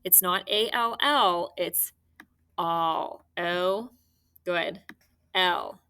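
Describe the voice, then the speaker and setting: A woman teaching phonics to young children. She speaks slowly and sounds out each word with care. Her voice is bright and her tone encouraging. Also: lowish voice. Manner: slow, clear, encouraging teacher talk with drawn-out words.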